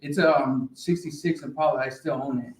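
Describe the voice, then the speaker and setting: A man's voice: mid-range voice, a little fast. A man guest on a podcast chatting in an easygoing, filler-heavy way about building cars. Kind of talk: casual chat. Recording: roomy, faint background hum.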